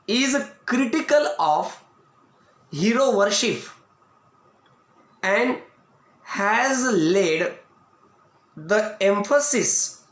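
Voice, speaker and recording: Slow-speaking Indian teacher, high voice. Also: male voice, fairly bright tone. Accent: Indian English. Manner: slow, repetitive explaining, restating each point. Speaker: English teacher. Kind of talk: video lecture. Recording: echoey room.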